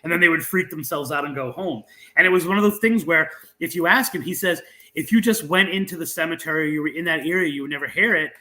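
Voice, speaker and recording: In a low-quality recording, a man with a fairly high-pitched voice speaks at a quick pace. A guest author and researcher being interviewed, he tells a local legend as an animated storyteller, often restarting and using fillers.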